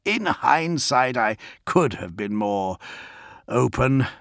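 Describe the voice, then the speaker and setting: A man voicing a proud, formidable male warlord who speaks slowly and haughtily. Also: medium pitch, expressive, creaky, fairly bright tone, no echo, studio quality, heavily acted.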